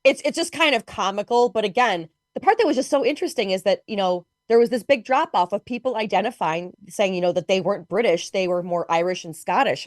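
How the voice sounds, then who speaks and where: A woman from Chicago, a guest commentator in an interview, talking in a chatty, animated way with many fillers. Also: mid-range voice, no room sound, clean studio sound. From Chicago, United States. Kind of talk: interview conversation.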